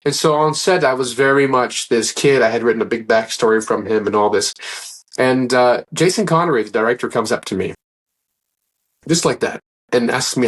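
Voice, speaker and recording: A man's voice: mid-range voice, brisk. A man speaking as a guest in a casual interview, telling stories in an earnest, rambling way and often restarting his sentences. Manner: earnest, rambling, acts out quoted dialogue.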